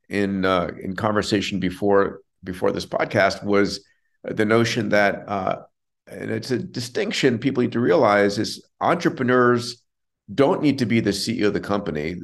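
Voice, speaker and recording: Male podcast host, very low voice, earnest, explanatory, affirming. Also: creaky. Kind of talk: conversational podcast.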